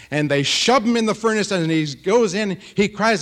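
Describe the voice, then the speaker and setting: Fiftyish writer guy giving a talk, kinda high voice, feisty, keeps going "huh?". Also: normal speed, few pauses. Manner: animated, feisty, tags "huh?" after remarks. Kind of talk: lively speech to an audience.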